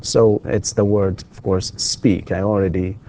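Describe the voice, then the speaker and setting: A man's voice: deep voice, flat delivery, a little slow, creaky, mellow, a little hiss or hum. A male university English lecturer, giving a recorded lesson and patiently repeating questions for his students. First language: Arabic.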